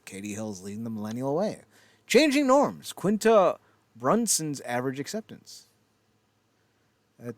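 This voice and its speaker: A man's voice: mid-range voice, no echo. Rambling profane wrestling podcast guy. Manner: rambling, profane, self-mocking asides. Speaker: podcast co-host. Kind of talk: casual wrestling news chat.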